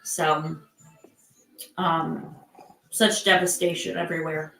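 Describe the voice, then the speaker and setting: A woman's voice: medium pitch, takes it slowly, a bit bright, roomy sound, poor audio. An older woman from Michigan hosting a casual live chat, rambling with lots of fillers and restarts. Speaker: live stream host.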